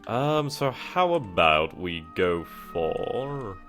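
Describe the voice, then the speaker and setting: Deep-voiced man thinking out loud. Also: very animated, very slow, faint music behind. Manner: reads on-screen text aloud, thinks out loud with hesitations. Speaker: gaming channel host. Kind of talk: casual let's-play commentary.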